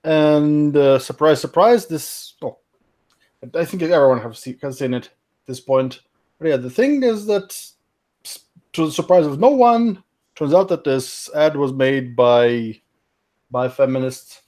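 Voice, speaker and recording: A man's voice: a little high, unhurried, a little mellow. A man hosting a casual online chat stream, rambling with many fillers and restarts and laughing often. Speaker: stream host.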